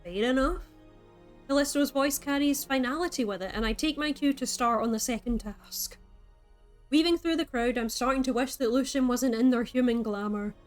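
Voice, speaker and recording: A woman's voice: high voice, moderate pace, soft background music. A woman reading a story game aloud as a streamer, breaking in with playful, chatty asides.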